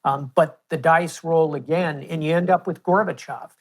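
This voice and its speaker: A man in his sixties with an American accent, a guest answering interview questions in a measured, storytelling way. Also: fairly high pitch, steady tone. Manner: measured, storytelling with historical examples. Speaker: guest, retired admiral.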